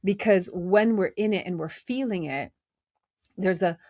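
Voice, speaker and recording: A woman hosting a podcast, speaking in a gentle, conversational way with many fillers as she reflects on inner life. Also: lowish voice, measured pace, no room sound, clean studio sound. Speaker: podcast host. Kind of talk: reflective spiritual talk.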